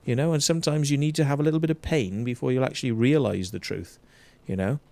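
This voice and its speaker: A Welsh man hosting a casual livestream chat, blunt and animated, swearing heavily as he rants. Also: medium pitch, fast, vocal fry. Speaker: show host.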